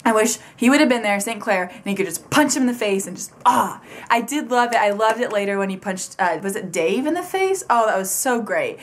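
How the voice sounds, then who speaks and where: A young woman reviewing a book in a casual vlog, gushing and rambling excitedly with lots of fillers. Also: medium pitch, fairly quick.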